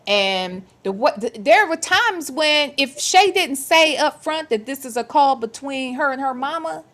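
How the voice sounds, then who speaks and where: Woman, livestream host, sassy, emphatic, fairly high voice. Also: expressive, a little slow, fairly bright tone. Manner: sassy, emphatic, slangy talk with playful repetition. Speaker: show host. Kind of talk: casual commentary livestream.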